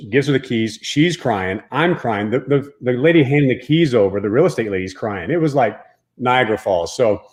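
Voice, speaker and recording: A man's voice: medium pitch, lively intonation, moderate pace, a little mellow. A man from the Dallas-Fort Worth area of Texas, a former pro baseball player, telling a personal story as a guest in a casual, profane, emphatic way.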